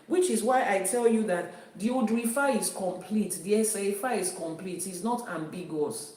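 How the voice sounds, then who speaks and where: A woman's voice: medium pitch, expressive, moderate pace, hardly any pauses, a little mellow. A woman teaching about Ifa spirituality in an emphatic way, repeating her key phrases. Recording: very echoey room, voice from a distance.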